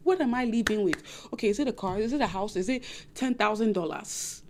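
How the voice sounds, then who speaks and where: A young woman with a non-American English accent giving casual dating advice to her viewers, animated and repetitive, often acting out what other people say. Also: a little high, brisk. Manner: animated, repetitive, acts out quoted voices.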